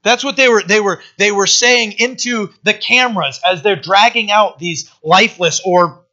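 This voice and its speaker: A man preaching a loose, conversational sermon, with a high, bright and sharp voice. He rambles, restarts his sentences and keeps checking in with his listeners. The recording is dull and lo-fi. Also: moderate pace. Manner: conversational, rambling, frequent "right?" asides and restarts. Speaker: pastor. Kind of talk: informal Bible-study sermon.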